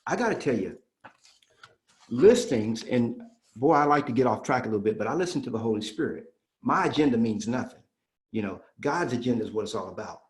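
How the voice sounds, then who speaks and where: A man coaching a room of trainees with preacher-like emphasis, hammering home each point and repeating it. He acts out both sides of client conversations in a voice of middling pitch, and the recording carries a roomy echo. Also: expressive, fairly quick. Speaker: real estate sales trainer. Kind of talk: energetic sales training talk.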